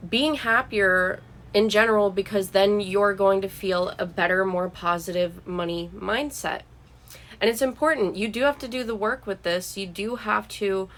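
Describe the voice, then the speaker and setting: A woman's voice: medium pitch, a bit bright. A young woman vlogger talking earnestly and encouragingly to camera about money habits, with frequent "like" and "um". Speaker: vlogger giving money advice. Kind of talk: casual talk to camera.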